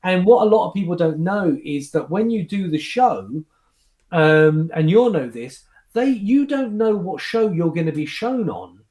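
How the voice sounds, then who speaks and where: A man, a guest magician, chatting casually and telling backstage stories in an animated, restart-heavy way. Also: sits high, unhurried, reverberant. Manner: animated storyteller, restarts and fillers. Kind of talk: casual chat recounting anecdotes.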